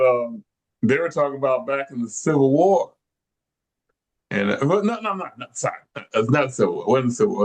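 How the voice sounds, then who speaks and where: A man with a mid-range voice co-hosting a relaxed podcast. He thinks out loud, stops often to correct himself, and keeps going in a rambling, conversational way. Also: medium pitch, vocal fry. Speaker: co-host.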